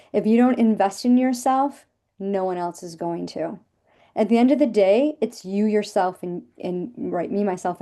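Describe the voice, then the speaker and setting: A woman's voice: medium pitch, mellow. A woman in her fifties, a business coach giving an emphatic, repetitive motivational talk over a video call.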